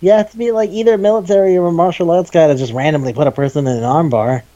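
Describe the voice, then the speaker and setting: A man co-hosting a casual chat about manga, animated, acting out scenes in quoted lines and swearing freely. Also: on the high side, fast, highs cut off. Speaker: podcast co-host.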